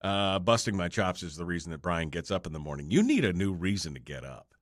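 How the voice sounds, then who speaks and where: Man, radio talk host, low voice, tired, rambling and self-mocking, dry studio sound. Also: very animated, a little fast, no room sound. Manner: rambling, self-deprecating, joking with chat. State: tired, yawning. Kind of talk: off-the-cuff livestream chat.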